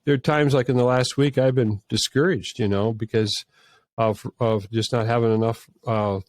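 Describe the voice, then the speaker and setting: A man's voice: medium pitch, fairly even intonation, moderate pace, dry recording. Earnest male filmmaker telling stories. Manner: earnest, with frequent restarts and false starts. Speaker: filmmaker guest. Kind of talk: conversational storytelling.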